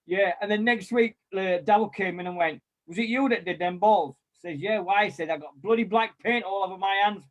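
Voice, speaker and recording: A man, chatting casually and telling lively anecdotes with mild swearing and quoted voices. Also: sits high, fairly quick, hardly any pauses. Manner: animated storyteller, mild swearing, acts out quotes. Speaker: former club volunteer and kit man.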